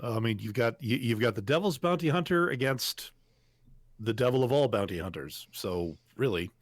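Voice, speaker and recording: A man's voice: medium pitch, lively intonation, moderate pace, no echo. A man co-hosting a podcast in easygoing, casual chat. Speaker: podcast co-host.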